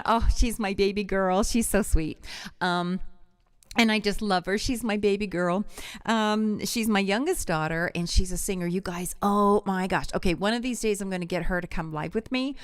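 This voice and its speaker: Middle-aged woman, live vocal coach; smooth, resonant voice, close and dry; chatty, digresses. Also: medium pitch, normal speed, dry recording. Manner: chatty, digressive, warmly enthusiastic. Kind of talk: live-streamed singing lesson.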